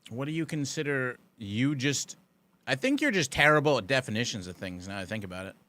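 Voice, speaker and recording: A man's voice: medium pitch, sing-song, brisk, pushed and bright. A man streaming a game live, chatting casually and answering his chat with dry, sarcastic banter. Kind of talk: casual gaming commentary.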